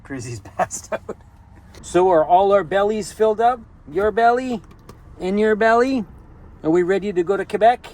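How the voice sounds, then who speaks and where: A man's voice: high voice, moderate pace. A man from Canada chatting casually as a travel vlogger, jokey and laughing often, talking from inside a vehicle on the road. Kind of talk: casual travel vlog chat. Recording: loud road noise in a moving vehicle.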